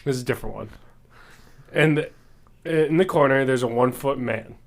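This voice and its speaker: A man's voice: medium pitch, normal speed. Young man telling jokes, laughing. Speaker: podcast co-host. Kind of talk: casual chat, telling jokes.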